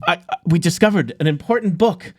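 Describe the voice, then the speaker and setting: A man's voice: sits high, brisk, dry recording, clean studio sound. A man voicing a flustered gnome cultist who stammers and defends himself. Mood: explaining.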